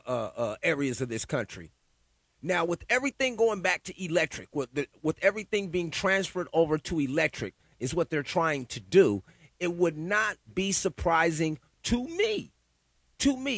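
A man's voice: high voice, a bit bright, no room sound. A man ranting alone in a heated, profane, conspiratorial way, repeating himself and building up steam. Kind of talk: profane solo rant.

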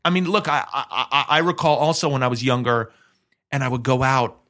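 A man's voice: medium pitch, brisk, a bit bright. A middle-aged man hosting a podcast, telling a story in casual chat with lots of restarts and self-mocking asides. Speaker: podcast host.

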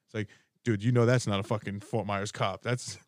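A man co-hosting a radio show, ranting and telling stories in excited, heavily profane casual talk. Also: on the low side, moderate pace, dry recording, studio quality. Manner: excitable ranting storyteller, heavy swearing.

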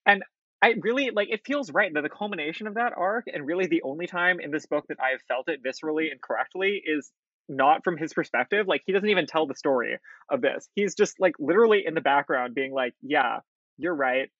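A man's voice: on the high side, expressive, fast, a bit bright, dry recording. Chatty man on a muffled podcast mic. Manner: chatty, laughs often, lots of "like". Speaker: podcast co-host. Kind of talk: casual book discussion. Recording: muffled dry recording.

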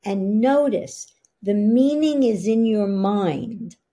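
A woman's voice: mid-range voice, slow pace, dark tone. A middle-aged woman, a podcast guest, explaining ideas in an earnest coaching tone. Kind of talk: interview conversation.

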